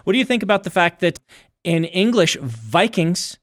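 A man co-hosting a podcast as an author, talking in a chatty, explanatory way with quick asides. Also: sits high, big pitch swings, a bit bright, no echo, studio quality. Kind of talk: casual chat.

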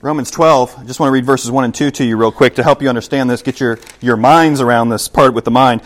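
A man preaching a sermon in a church as pastor, emphatic, shifting between loud passages and hushed ones. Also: mid-range voice, fairly quick.

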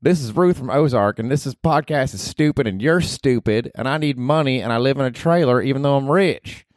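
A man putting on the voice of a rough, foul-mouthed young woman from the rural Ozarks, with a put-on drawl, sneering and swearing. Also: mid-range voice, a little fast, no room sound, studio quality, pitched above the performer's own voice, natural voice. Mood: scornful.

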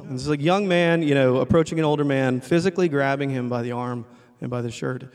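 A man preaching a conversational sermon, retelling a story with lively quoted voices and closing in a soft prayer. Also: medium pitch, fast talker, few pauses. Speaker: pastor.

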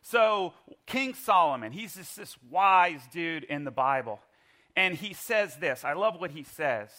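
A middle-aged man preaching a sermon in church, telling a lively personal story and leading the congregation in call-and-response. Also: fairly high pitch, a little slow. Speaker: pastor. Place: church service.

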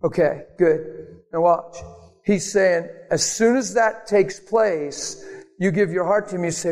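Guy preaching in a church hall, slightly high voice, lots of reverb, soft music behind, acts out his stories. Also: unhurried. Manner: animated storytelling, acts out prayers and voices. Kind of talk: sermon.

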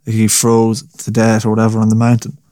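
A man's voice: lowish voice, monotone, brisk, warm tone, no echo, studio quality. A young man hosting a casual solo podcast, rambling, swearing and laughing at his own story. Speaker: podcast host.

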